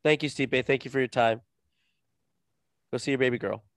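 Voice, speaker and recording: Deadpan podcast co-host guy, dry sound, mid voice. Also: medium pitch, moderate pace, dry recording. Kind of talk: casual podcast chat.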